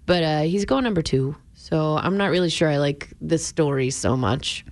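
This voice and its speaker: A woman's voice: deep voice, normal speed, a little mellow, dry recording. Chatty woman radio host, dry studio. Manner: chatty, storytelling, laughs easily. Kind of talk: casual morning radio banter. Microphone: studio mic.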